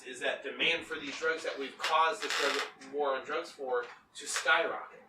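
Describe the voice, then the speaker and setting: A man's voice: on the high side, distant mic. A man co-hosting a podcast, arguing his point in a casual debate, swearing and repeating himself. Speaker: podcast co-host. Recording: roomy, off-mic with faint noise.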